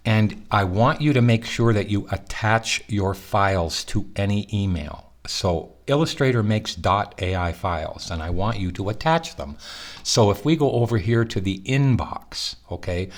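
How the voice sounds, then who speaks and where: Low-voiced male professor with morning voice. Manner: conversational, reassuring, with fillers and restarts. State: morning voice, clearing throat. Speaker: college professor. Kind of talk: recorded online course walkthrough.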